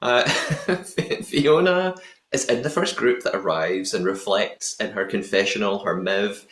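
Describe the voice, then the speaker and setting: Speaking on the low side at a measured pace, a man hosting a podcast chats casually through an episode recap, expressive and a bit bright. He's playful and pun-heavy, and the room echoes noticeably.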